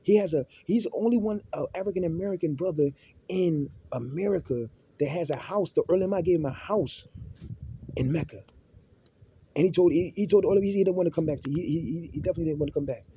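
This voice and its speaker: A man's voice: on the high side, quick pace, dark tone, husky. A man speaking off the cuff about religion, stumbling through many restarts and repeated words and mixing in Arabic terms. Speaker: Muslim speaker giving religious advice. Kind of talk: unscripted religious monologue.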